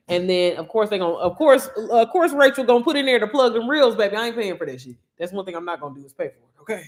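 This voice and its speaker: Woman host, casual livestream coach, chatty and slangy, speaks to the audience, lively swings in pitch and volume. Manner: chatty, slangy, addresses viewers directly. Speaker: online business coach.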